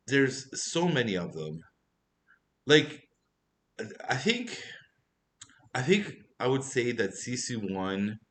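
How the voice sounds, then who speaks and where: A man's voice: on the low side, fairly bright tone. A man giving a casual spoken movie review, rambling and chatty with frequent asides.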